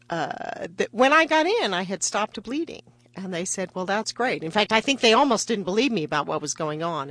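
A woman's voice: fairly low pitch, no room sound. Woman guest, physician, vivid storyteller, acts out dialogue, interview. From part Mexican heritage. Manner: vivid storytelling with lively voiced quotes. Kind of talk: personal story in a radio interview.

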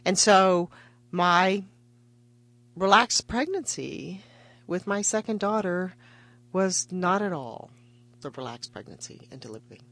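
A woman's voice: on the low side, measured pace, pauses often. Woman guest, physician, vivid storyteller, acts out dialogue, interview. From part Mexican heritage. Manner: vivid storytelling with lively voiced quotes. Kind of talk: personal story in a radio interview.

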